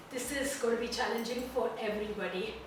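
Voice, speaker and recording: A woman's voice: on the high side, fast, slight background noise. Breathless Indian woman coaching a workout. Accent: Indian English. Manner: breathless, coaching while working out. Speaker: fitness instructor. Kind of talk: workout instruction while exercising. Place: room at home. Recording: very echoey room, from far off.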